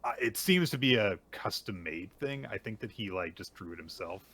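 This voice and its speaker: A man casually recapping a manga chapter as a podcast co-host, retelling the story in a lively way. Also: lowish voice, moderate pace, husky, dry recording. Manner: animated retelling with small acted quotes.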